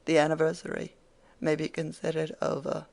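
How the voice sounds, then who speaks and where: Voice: mid-range voice, monotone, normal speed, creaky, a little mellow, close to an everyday voice. An audiobook reader voicing a spirited, teasing young woman who scolds her father playfully.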